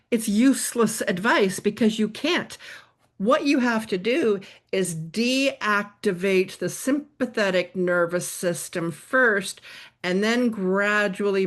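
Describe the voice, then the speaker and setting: A woman psychotherapist explaining ideas in a podcast interview, animated, acting out examples as she goes. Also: mid-range voice. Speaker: psychotherapist guest.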